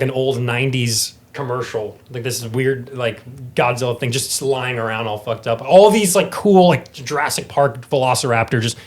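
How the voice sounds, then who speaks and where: A man, a guest actor, telling a story in casual chat, animated and swearing often. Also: medium pitch. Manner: animated, swears often, acts out quoted dialogue.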